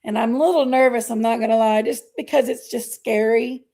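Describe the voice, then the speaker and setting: A middle-aged woman, chatting on her livestream in a halting, emotional way, sighing between phrases. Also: a little high, fairly even intonation, dark tone. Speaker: livestream host. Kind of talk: casual livestream chat.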